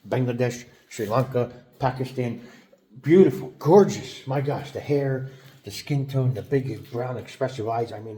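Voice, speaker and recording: A man's voice: mid-range voice, dark tone. A man from South Jersey with a South Jersey accent, rambling to camera in a casual vlog, chuckling often and restarting sentences. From South Jersey, United States. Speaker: vlogger.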